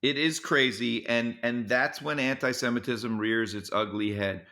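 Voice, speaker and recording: A man who is a comedian, telling stories as a podcast guest in an animated way, with quick restarts and repeated words. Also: medium pitch. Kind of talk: podcast interview storytelling.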